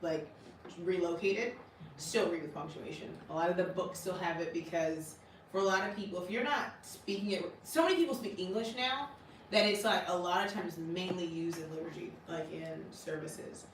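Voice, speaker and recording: A woman teaching a small class in a classroom, chatty and quick to laugh, often checking "right?" with her students. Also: on the low side, slight background noise. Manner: casual, laughs often, asks "right?" a lot. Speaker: language teacher. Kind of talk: classroom lesson. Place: classroom with a board. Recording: echoey room, recorded from far off.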